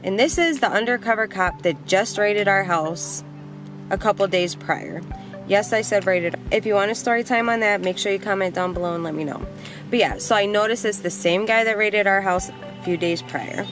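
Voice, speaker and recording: A young woman tells a story from her own life on her vlog, in a voice of middling pitch. She talks plainly and bluntly and swears without a second thought. Faint music plays behind her. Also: normal speed. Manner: animated, blunt, swears freely. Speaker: vlogger.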